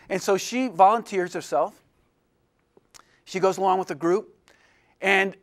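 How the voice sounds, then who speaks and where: A man, an illustration professor, telling a personal story in a lecture to a room of students, animated and self-deprecating, acting out the voices of the people in it. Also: high-pitched, normal speed, pauses often.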